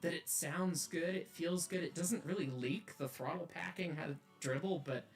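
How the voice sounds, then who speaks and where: A man's voice: a little high, normal speed, faint music behind. A man telling an earnest, enthusiastic and detailed story about railways. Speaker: railway enthusiast telling of driving a steam locomotive.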